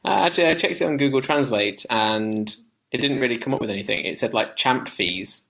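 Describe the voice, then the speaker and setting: A man's voice: medium pitch, lively intonation, a little fast, creaky, a bit bright, low-quality recording. A man co-hosting a music podcast in casual chat, chatty and self-mocking, often laughing.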